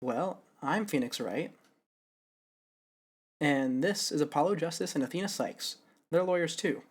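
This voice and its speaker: A man voicing a seasoned male defense lawyer calmly introducing himself and his team. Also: a little high, husky. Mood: reassuring. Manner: calm, reassuring, measured.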